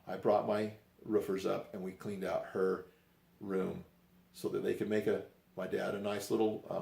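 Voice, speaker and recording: An older man tells a story from his own life in a loose, folksy way, often restarting his sentences and acting out what people said. His voice sits low and carries a gravelly rasp. It is recorded in an echoey room. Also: darkish tone. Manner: rambling, folksy, with restarts and acted-out quotes. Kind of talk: personal storytelling.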